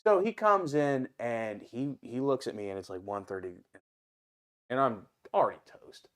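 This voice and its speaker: A man with an Ohio accent, a restaurant owner and guest, telling stories in an animated, casual way and swearing freely. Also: medium pitch, normal speed. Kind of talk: casual storytelling.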